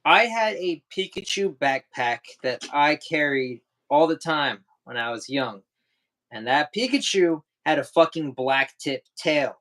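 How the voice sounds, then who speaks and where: A man's voice: a little high, animated, measured pace, fairly bright tone. A man co-hosting a podcast, chatting casually in a thoughtful, slightly hesitant way. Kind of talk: casual chat.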